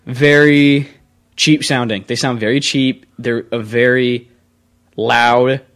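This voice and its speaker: A young man co-hosting a casual car chat show, opinionated and rambling, quick to argue his point. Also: medium pitch, fairly even intonation, fairly bright tone. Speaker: co-host.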